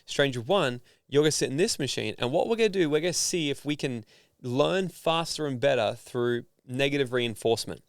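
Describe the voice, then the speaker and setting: A man from Australia talks casually as a podcast guest, telling a long story with lots of energy. He slips into the voices of the people he describes. His voice sits at a middle pitch and is recorded close and dry. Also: a little fast, hardly any pauses, no room sound. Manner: animated, acts out voices in his stories. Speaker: guest, personal development founder.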